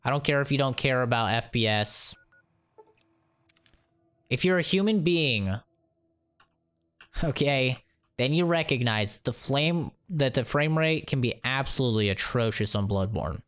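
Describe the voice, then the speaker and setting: A man's voice: medium pitch, a little slow, long pauses, clear, resonant tone. A man chatting casually on a live stream, ranting animatedly with lots of swearing and laughter. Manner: animated, profane, laughing rants.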